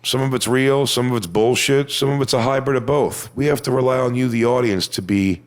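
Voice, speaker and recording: A man doing a stand-up set, telling a crude story in a deadpan way and mocking other people with put-on voices. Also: medium pitch, brisk. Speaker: stand-up comedian.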